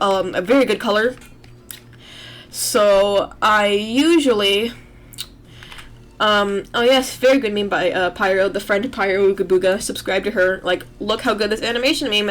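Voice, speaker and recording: A woman's voice: medium pitch, a bit bright. A young woman streaming as she draws, chatting in a loose, rambling and self-deprecating way at her computer. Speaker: artist streaming while drawing. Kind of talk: casual livestream chat.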